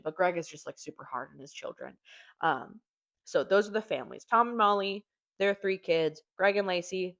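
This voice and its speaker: A young woman reviewing books in an animated, chatty way, swearing casually. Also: fairly low pitch. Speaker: book reviewer. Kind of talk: casual chat.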